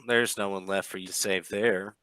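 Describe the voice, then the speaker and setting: A man's voice: deep voice, fairly even intonation, moderate pace, sharp tone, smooth, no echo. A man voicing a gloating, teasing villainous sorceress in a tabletop game, speaking in a mocking, theatrical way. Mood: gloating taunts.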